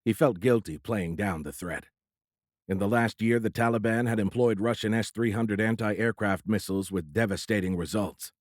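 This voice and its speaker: A man narrating an audiobook thriller in a steady, measured storytelling voice. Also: fairly low pitch, no echo, studio quality. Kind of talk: scripted narration.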